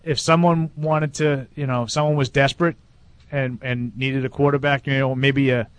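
A man's voice: mid-range voice, fairly even intonation, moderate pace, slight background noise. A man co-hosting sports talk radio, thinking aloud with hesitant, repeated words.

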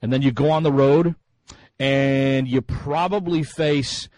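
A man's voice: mid-range voice, fairly even intonation, slow, darkish tone, dry recording, rough recording. A man hosting a sports talk radio show, musing in a chatty way with many fillers and restarts.

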